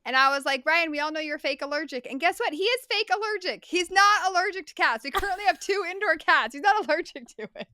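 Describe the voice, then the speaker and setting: A middle-aged woman co-hosting a podcast, telling family stories in a bubbly, animated way. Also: very high-pitched, quick pace, hardly any pauses, dry recording. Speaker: podcast co-host. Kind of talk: casual chat.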